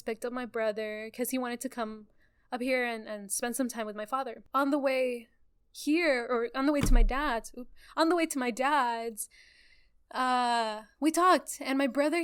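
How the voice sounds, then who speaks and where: A woman chats on a podcast, her voice pitched a little high and very smooth and clear. She tells stories in an animated way, acting out what people said and laughing often. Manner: animated storyteller, acts out quotes, laughs often. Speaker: podcast co-host. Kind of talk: casual podcast chat.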